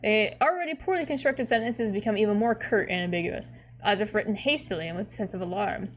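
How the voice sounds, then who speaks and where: A woman hosting a casual read-through of a webcomic, giggly and excitable, swearing freely. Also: medium pitch, fast, slight background noise. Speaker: host reading a webcomic aloud. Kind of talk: casual reading and commentary.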